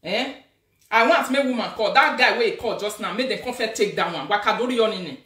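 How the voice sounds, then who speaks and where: A woman with a Nigerian accent hosting a live video as a social media influencer, talking in an animated, scolding, emphatic way. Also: mid-range voice, fairly quick, distant mic. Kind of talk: casual live-stream rant. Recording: echoey room, away from the mic.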